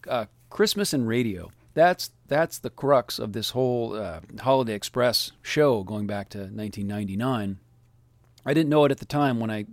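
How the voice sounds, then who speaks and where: A man's voice: medium pitch, no echo. A man hosting a radio show, talking casually and reflectively with small restarts.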